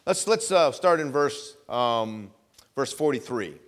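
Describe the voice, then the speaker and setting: A man preaching a sermon, repeating phrases for emphasis and swinging between loud emphatic lines and quiet asides. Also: mid-range voice, animated, slow. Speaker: pastor.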